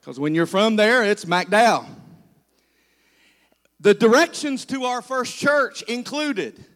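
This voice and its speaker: Middle-aged male pastor, southern West Virginia accent, high voice, folksy humorous preaching, long church-hall reverb. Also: takes it slowly, long pauses, fairly bright tone. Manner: folksy storytelling, playful asides to the congregation. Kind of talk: humorous sermon.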